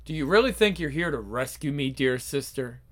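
A man's voice: mid-range voice, lively intonation, voice pushed down, natural voice. A man voicing a scheming, resentful young male villain who taunts his sister in a story. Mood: sneering. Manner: sneering, taunting, drawn-out delivery.

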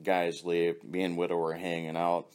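A man's voice: low-pitched, completely flat delivery, normal speed, darkish tone, smooth. A man casually telling rambling, profane stories about his friends, laughing at his own jokes. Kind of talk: casual storytelling.

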